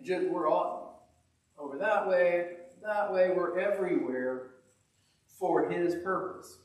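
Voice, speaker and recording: A man's voice: high voice, takes it slowly. A man preaching a casual, conversational sermon, telling stories with a folksy, self-deprecating manner. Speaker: pastor. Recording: echoey church hall, mic at a distance.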